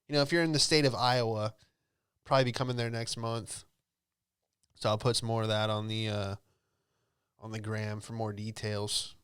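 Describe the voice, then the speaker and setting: A man's voice: mid-range voice, fairly bright tone, clear, resonant tone, no echo, studio quality. A young man, a comedian, riffing casually through a solo comedy monologue in a rambling, offhand way, with lots of fillers. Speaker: comedian and podcast host.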